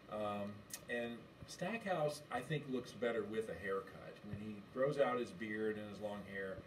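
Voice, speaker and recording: A man answering an interview question with measured, polite phrasing. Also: fairly low pitch, recorded from a distance, a little hiss or hum, low-quality recording.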